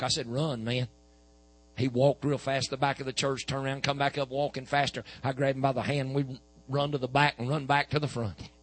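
A man's voice: mid-range voice, low-quality recording. A man, preaching a sermon and telling a healing story with quoted back-and-forth dialogue.

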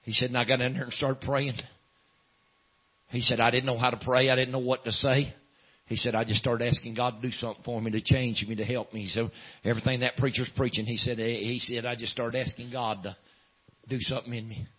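A man preaching a sermon in a folksy drawl, filling pauses with "uh", swinging from loud preaching to hushed storytelling. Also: mid-range voice, level tone, husky. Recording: dull lo-fi sound.

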